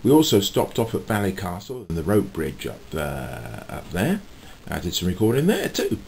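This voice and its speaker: Rambling man with lively pitch. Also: moderate pace, gravelly, a little hiss or hum. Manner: rambling, chatty, with frequent fillers and chuckles. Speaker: vlogger and street musician. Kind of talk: casual chat to camera.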